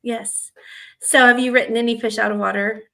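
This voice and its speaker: A woman's voice: on the high side, fairly even intonation, a little fast, vocal fry, fairly bright tone. A woman who grew up in the American South chats about writing romance on a podcast. She rambles easily and leans on fillers as she thinks aloud. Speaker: podcast co-host and romance author. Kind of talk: casual chat.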